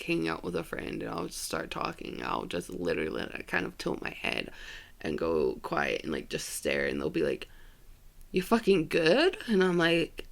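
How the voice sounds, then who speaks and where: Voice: mid-range voice, creaky. A young adult hosting a solo podcast, rambling in scattered, self-deprecating asides with frequent giggles. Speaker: podcast host.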